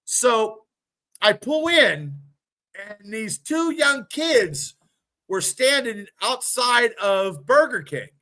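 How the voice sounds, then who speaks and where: A man in his fifties swears his way through a rambling story on a casual sports podcast. His voice sits high and sounds bright and sharp, and he talks loosely, piling up restarts. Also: very animated, extremely slow. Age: 50s. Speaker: podcast co-host.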